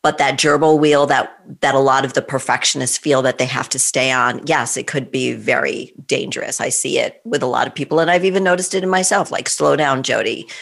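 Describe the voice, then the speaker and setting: A woman's voice: a bass voice, fairly quick, vocal fry, few pauses. A woman hosting a podcast interview, asking friendly, curious questions in a conversational way. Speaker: podcast host.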